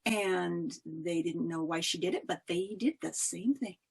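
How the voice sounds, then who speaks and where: Husky, expressive woman storyteller. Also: fairly low pitch, unhurried. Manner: expressive, dramatic swings of loudness. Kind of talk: oral folk-tale storytelling. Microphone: video call.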